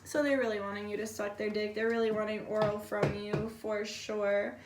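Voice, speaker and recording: A woman's voice: medium pitch, flat delivery, normal speed, noisy background. Chatty woman reading tarot in an echoey room. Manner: chatty and blunt, swears freely, many fillers like "like". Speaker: tarot reader. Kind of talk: casual pick-a-card tarot reading. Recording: echoey room, voice a bit far from the mic.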